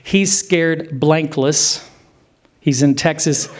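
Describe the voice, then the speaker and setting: Emphatic, animated man presenting. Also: fairly high pitch. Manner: animated, emphatic, slows down for effect. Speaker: clinician giving a presentation. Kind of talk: conference presentation. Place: hotel conference room.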